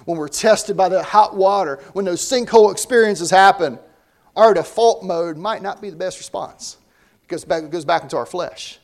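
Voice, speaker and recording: High-voiced man preaching conversationally. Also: moderate pace. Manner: conversational preaching with frequent word repeats. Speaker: pastor. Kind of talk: sermon.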